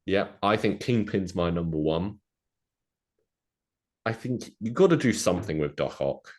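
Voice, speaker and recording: A man's voice: sits low, animated, unhurried, a little mellow. A young man co-hosting a podcast, chatting casually in a playful, jokey, rambling way. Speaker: podcast co-host. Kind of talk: casual chat.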